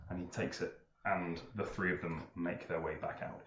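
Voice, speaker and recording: A man narrating as game master in a tabletop game, talking in a measured way with frequent fillers. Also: low voice, steady tone, a bit bright, roomy sound, slight background noise. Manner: measured, hesitant, with many fillers.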